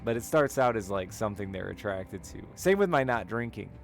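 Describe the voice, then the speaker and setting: A man streaming to viewers chats casually with his stream chat, telling candid, rambling personal stories and laughing often. His voice is lowish with vocal fry, lively intonation and a slightly fast pace, with faint music behind.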